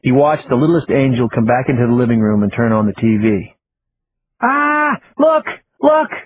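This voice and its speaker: A man narrating an audiobook in a steady, even storytelling voice. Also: medium pitch, fast, breathy edge. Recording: tinny phone-like audio with faint hiss.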